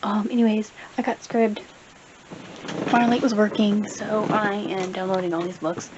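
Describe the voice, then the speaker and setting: A young book vlogger rambles casually about her reading, chatty and full of fillers, in a medium-pitched voice at normal speed. Recorded on a camera mic, the audio is dull and lo-fi with a faint hiss.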